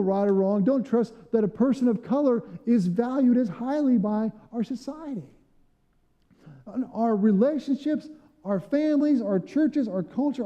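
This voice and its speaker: A man's voice: very high-pitched, in a large hall, highs cut off. A man preaching a sermon as pastor, telling stories and acting out quotes. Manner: animated storytelling with acted quotes. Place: church sanctuary.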